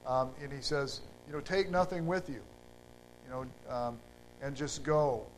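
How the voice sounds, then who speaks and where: Halting man preaching a sermon. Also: medium pitch, a little hiss or hum, low-quality recording. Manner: unhurried, halting, with fillers and restarts.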